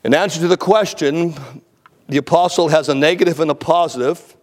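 A man's voice: on the high side, brisk. Emphatic male preacher in a reverberant hall. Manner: emphatic, repeats words for stress, frequent small stammers. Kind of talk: expository sermon.

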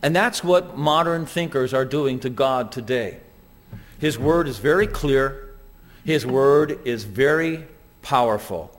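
A man's voice: mid-range voice, takes it slowly. A man preaching a sermon to a congregation, telling stories and acting out quoted voices. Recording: long hall reverb.

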